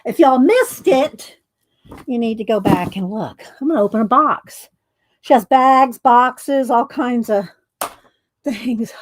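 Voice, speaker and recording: A woman's voice: fairly high pitch, slow, slight background noise. A woman chatting casually on a livestream, short of breath and exclaiming as she reads viewer comments. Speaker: livestream host.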